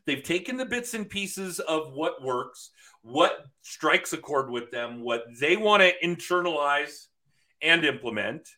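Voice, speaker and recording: A man's voice: fairly high pitch, animated, a little slow, pushed and bright. A man hosting a podcast, talking frankly and swearing casually in loose chat. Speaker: podcast host.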